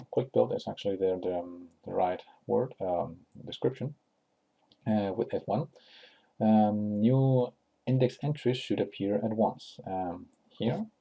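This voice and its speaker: Slow, gravelly-voiced man explaining software. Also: fairly low pitch. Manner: unscripted, many fillers and restarts, thinking aloud. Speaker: tutorial host. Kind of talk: screen-recorded software tutorial.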